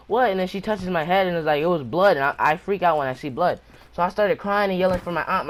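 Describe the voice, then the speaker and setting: A man's voice: fairly high pitch, fairly bright tone. A man hosting his own channel, telling a personal story time tale in a rambling, breathless way, often restarting his sentences. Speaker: channel host.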